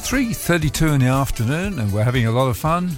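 A man's voice: medium pitch, sing-song, quick pace, music in the background. A man hosting a community radio show, jokey and laid-back in his banter. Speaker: radio host. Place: radio studio.

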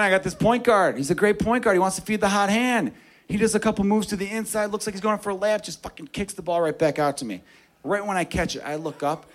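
Man, stand-up comic, somewhat high voice, animated and profane storyteller. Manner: animated, profane, acts out characters. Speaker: stand-up comedian.

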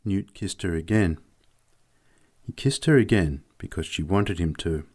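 A man narrating a novel in a measured, expressive audiobook reading. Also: deep voice.

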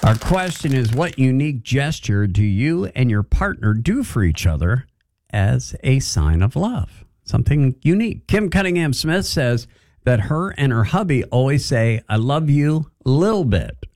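A man's voice: mid-range voice, sing-song, moderate pace, darkish tone, no room sound, studio quality. A man hosting a morning radio show, chatting casually and laughing easily. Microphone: studio mic.

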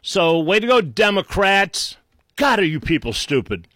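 A man's voice: sits high, sing-song, a little slow, a bit bright, no room sound, studio quality. A man giving an unscripted political rant, scornful and insulting, rambling with frequent restarts. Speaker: political commentator.

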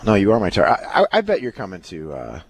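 A man's voice: low voice, wildly swooping pitch, quick pace, breathy edge, dry recording. A man, the manager of a fair, promoting the lineup as a guest on live radio, upbeat and eager. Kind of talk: casual live radio interview.

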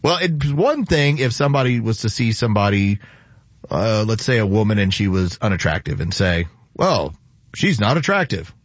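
A man from Texas with a Texan accent, chatting and telling stories in an animated way. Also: lowish voice, fairly quick, no echo, lo-fi sound. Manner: storytelling, animated delivery. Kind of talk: casual chat.

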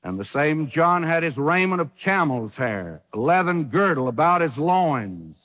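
High, lively old-time radio preacher. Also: male voice, a little slow, big-room sound, highs cut off. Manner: preaching with folksy wording and dramatic quotes. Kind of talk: sermon.

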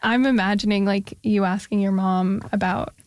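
A woman's voice: medium pitch, steady tone, moderate pace, darkish tone, no echo, studio quality. A woman hosting an interview, asking thoughtful follow-up questions in a conversational way.

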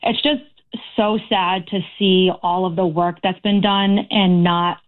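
A woman's voice: fairly low pitch, fairly even intonation, unhurried. Woman caller on a tinny phone line. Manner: earnest, aggrieved, talks in long runs. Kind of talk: phone-in talk radio call.

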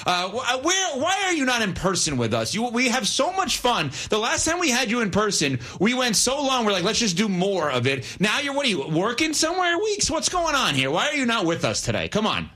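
Bright, lively high-voiced host man. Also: a little fast, few pauses. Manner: lively, teasing questions. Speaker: sports talk host. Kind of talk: casual sports talk.

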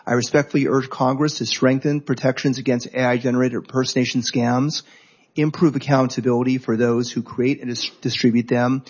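A man reads his prepared testimony at a hearing in a husky, flat voice. The sound is dull and lo-fi, with a muffled tone. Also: mid-range voice. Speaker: hearing witness. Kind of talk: reading a prepared statement.

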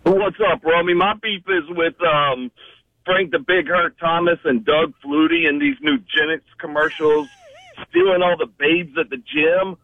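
Brief: male caller, high lively voice, gravelly, tinny phone sound. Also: unhurried, no echo. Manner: jokey, mock-outraged. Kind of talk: call-in complaint. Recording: dry tinny phone line.

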